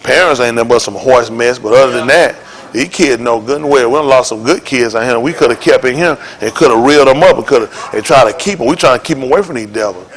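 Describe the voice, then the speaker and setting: A man preaching an informal sermon to his congregation in a folksy, joking way that rises to shouts. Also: mid-range voice, fast talker. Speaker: congregation leader.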